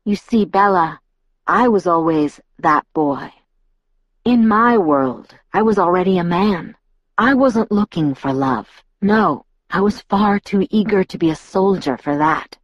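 A woman reading an audiobook, voicing an old-fashioned, earnest young male vampire in a gentle, formal, measured way. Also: on the low side, expressive, dry recording. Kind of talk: audiobook character voice. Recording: dull lo-fi audiobook recording.

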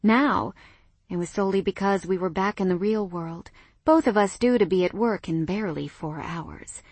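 A young adult woman narrating a first-person romance audiobook in a soft, intimate voice that often drops to a whisper. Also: mid-range voice, normal speed, husky, dry recording.

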